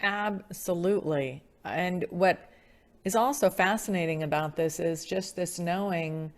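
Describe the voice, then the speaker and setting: A woman hosts an interview, her voice low for a woman. She speaks slowly, affirming what her guest has said and reflecting on it. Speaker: interview host.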